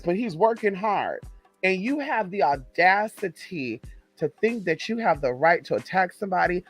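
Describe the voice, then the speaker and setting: A sassy young man from the Southern US chats to his live-stream viewers in a fairly high voice. He keeps calling them honey and sinks into low, muttered asides. His voice sounds dry and close, with faint music underneath. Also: dry recording. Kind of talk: casual live-stream chat.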